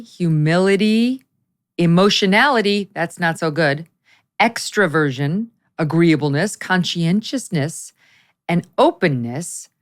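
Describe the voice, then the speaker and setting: A middle-aged woman with a somewhat low voice hosts a relaxed interview. She talks in a chatty, animated way and slips into the voices of the people in her stories. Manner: lively storyteller who acts out quoted voices. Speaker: podcast host. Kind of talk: casual interview chat.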